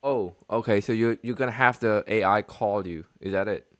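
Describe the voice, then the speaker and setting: Low-voiced male host, loose and chatty. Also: normal speed, fairly bright tone, dull audio. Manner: loose, filler-heavy questions with lots of "like". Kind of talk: casual video-call interview.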